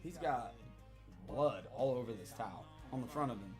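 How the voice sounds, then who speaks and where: A man's voice: medium pitch, animated, moderate pace, music in the background. A man casually telling a rambling, profane story to a live chat, repeating himself as he goes.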